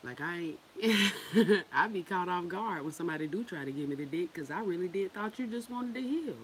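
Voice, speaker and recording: A woman's voice: on the low side, lively intonation, moderate pace, a little hiss or hum, poor audio. A woman giving a casual spiritual talk to her viewers. She is loose and profane, laughs often and repeats phrases for emphasis. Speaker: spiritual teacher.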